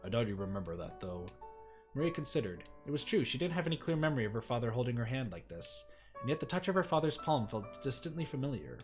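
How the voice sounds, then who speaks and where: A man streaming a game, reading its story text aloud in a measured, even way. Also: mid-range voice, faint music behind.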